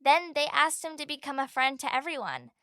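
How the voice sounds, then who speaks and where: A woman narrating a scripted story in an expressive, dramatic way. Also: high-pitched, a little fast, no room sound.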